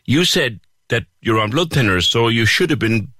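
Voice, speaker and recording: A man's voice: medium pitch, animated, normal speed, bright, forceful tone, no room sound, studio quality. A man hosting a radio phone-in, giving short acknowledgements and asking follow-up questions. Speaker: radio host. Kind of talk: phone-in interview.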